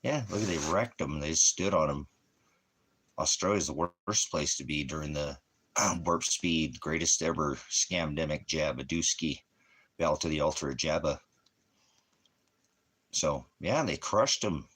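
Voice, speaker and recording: Host: low, husky man, rambling monologue, cracks jokes and laughs at them. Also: a little slow, fairly bright tone. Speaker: internet ministry host.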